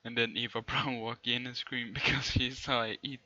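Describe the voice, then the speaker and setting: A man streaming, reading fan fiction aloud in a deadpan way and often breaking into laughter. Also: medium pitch, moderate pace, lo-fi sound.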